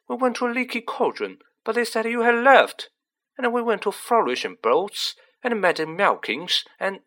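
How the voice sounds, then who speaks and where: A man voicing an excitable, chatty teenage boy wizard who talks in animated, joking bursts. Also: high-pitched, moderate pace, voice pushed up. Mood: eager.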